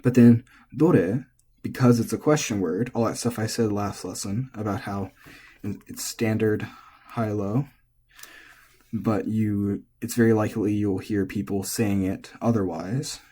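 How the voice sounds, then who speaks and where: A man who is not a native speaker, teaching pitch accent in an informal way, thinking aloud with asides and restarts. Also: fairly even intonation, unhurried, mellow, breathy edge. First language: English. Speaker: language teacher. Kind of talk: explaining Japanese pitch accent.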